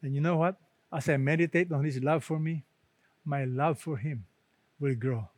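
A man delivers a sermon in a fairly high voice, pressing hard on key words and then letting his phrases fall away soft and low. The sound is dry and close, with no room around it. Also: moderate pace, no echo. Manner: emphatic preaching, drops to soft low tones to close phrases. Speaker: pastor.

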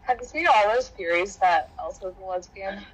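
A woman's voice: medium pitch, moderate pace, slight background noise, low-quality recording. A woman co-hosting a casual podcast chat, answering with short, dry, teasing remarks. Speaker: podcast co-host.

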